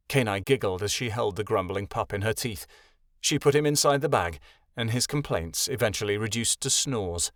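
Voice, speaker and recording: A man reading a fantasy audiobook as the narrator, in an expressive storytelling manner. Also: fairly low pitch, normal speed, dry recording, clean studio sound. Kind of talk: scripted narration.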